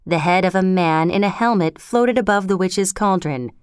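A woman narrating a storybook in a measured, clear reading. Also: mid-range voice, a little mellow, dry recording, studio quality.

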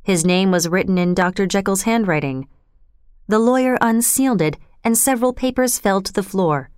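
A woman reading a story aloud in steady, scripted narration. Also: mid-range voice, normal speed, clean tone, dry recording, clean studio sound.

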